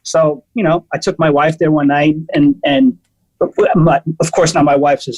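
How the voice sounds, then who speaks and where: A man with a high voice, telling stories in a loose, animated chat. He talks in bursts with restarts and fillers, as a podcast guest. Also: unhurried, low-quality recording. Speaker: guest musician. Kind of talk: casual storytelling chat.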